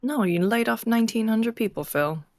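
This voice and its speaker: A woman's voice: a little high, moderate pace, darkish tone, slight background noise. Frank, wry woman co-host. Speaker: co-host of a games news show. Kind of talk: casual news discussion.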